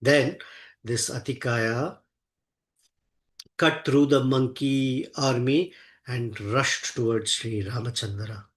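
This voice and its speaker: Slow, earnest man retelling scripture. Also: medium pitch, fairly even intonation. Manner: chants Sanskrit verses, then explains them in English. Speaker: scripture teacher. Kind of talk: devotional scripture storytelling.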